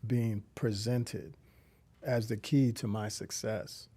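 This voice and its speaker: A man's voice: lowish voice, fairly even intonation, takes it slowly, dark tone, breathy edge. A middle-aged man giving an earnest, reflective faith testimony as an interview guest, often restarting his sentences. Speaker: guest, community founder.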